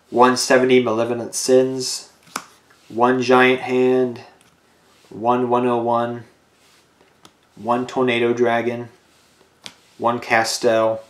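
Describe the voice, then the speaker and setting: A man's voice: medium pitch, monotone, slow, long pauses. Tired, rambling man in a roomy echo. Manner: loose, rambling, lots of restarts and "you know". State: tired and out of breath. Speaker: card game YouTuber. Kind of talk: casual deck profile talk.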